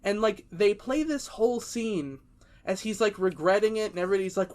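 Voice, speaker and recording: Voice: mid-range voice, fairly quick, darkish tone. A young adult podcast co-host in casual chat, sarcastically recapping a movie and acting out the characters' lines.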